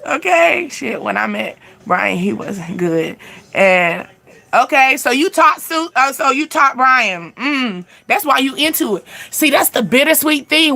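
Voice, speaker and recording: A woman's voice: high-pitched, creaky, bright, forceful tone. A young woman hosting a casual live stream, speaking candidly and laughing often as she answers viewers' questions.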